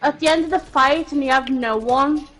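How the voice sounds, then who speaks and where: A woman's voice: sits high, normal speed, fairly bright tone. A woman chatting casually, pushing back and teasing. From Liverpool, England. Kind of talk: casual chat.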